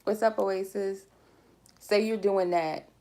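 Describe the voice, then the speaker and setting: A woman's voice: mid-range voice, fairly even intonation, slow, mellow. A woman giving a collective tarot reading in a casual, rambling way, speaking candidly and swearing freely. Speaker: tarot reader.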